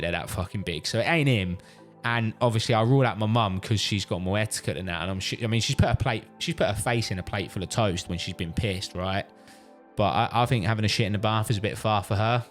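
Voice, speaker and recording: A British dad casually telling a funny story, animated and swearing freely. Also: male voice, fairly low pitch. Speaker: vlogger, father. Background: faint background music.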